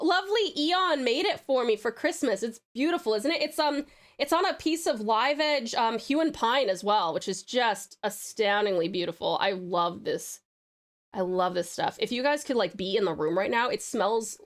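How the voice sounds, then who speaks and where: A young Australian woman streaming live, chatting with viewers in a bubbly, giggly way while she snacks. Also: fairly high pitch. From Tasmania, Australia. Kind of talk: casual live stream chat.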